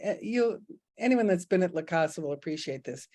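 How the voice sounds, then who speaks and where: A woman's voice: lowish voice, lively intonation, fairly quick, dark tone. A middle-aged woman giving a casual spiritual talk, candid and self-mocking, telling stories from her own life and laughing often. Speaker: spiritual teacher.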